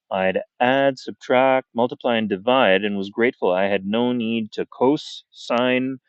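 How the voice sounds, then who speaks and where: A man reading a first-person short story aloud in a measured way, with natural pauses. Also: lowish voice, no room sound. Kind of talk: unedited audiobook reading. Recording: dull, dry.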